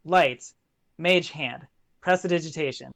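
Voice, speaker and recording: High-pitched guy dm'ing a tabletop game, casual and halting. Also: vocal fry, fairly bright tone. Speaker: dungeon master.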